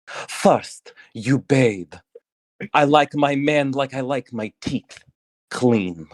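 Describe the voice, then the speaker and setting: A man's voice: medium pitch, extremely slow, no echo, clean studio sound. A man voicing a bold female barbarian warrior who talks breathily and bluntly. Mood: brash.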